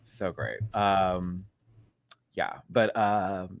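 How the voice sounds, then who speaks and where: A man's voice: deep voice, steady tone, very slow. A man hosting a live show recap, chatting casually with lots of laughs and gossipy asides. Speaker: host.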